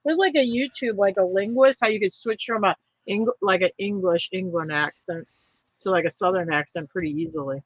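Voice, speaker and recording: A man's voice: sits high, a little fast, fairly bright tone, no echo. A man in casual political chat, teasing and laughing easily. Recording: dull dry recording.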